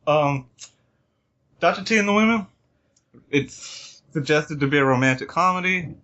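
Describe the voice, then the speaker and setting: A man's voice: a little high, lively intonation, measured pace, pushed and bright. A man hosting a podcast in casual chat, joking and laughing often. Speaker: podcast host. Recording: dull lo-fi podcast recording.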